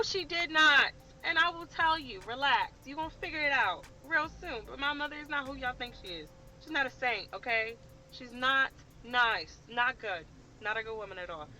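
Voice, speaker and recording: A woman's voice: fairly high pitch, bright, forceful tone, poor audio. A woman in her late twenties from the Washington DC area, telling a personal story to camera in an emphatic, impassioned way. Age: late 20s.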